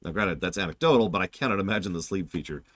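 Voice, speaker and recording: A man in his forties giving chatty, animated gaming commentary as a streamer, humming along at times. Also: deep voice, racing, a little hiss or hum. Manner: animated, chatty, hums game music.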